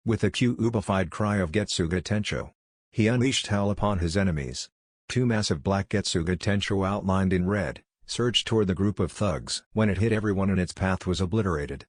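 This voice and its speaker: A man reads fan fiction aloud in an even, steady way. His voice is low and the recording is dry and close. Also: moderate pace, dry recording. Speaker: story narrator.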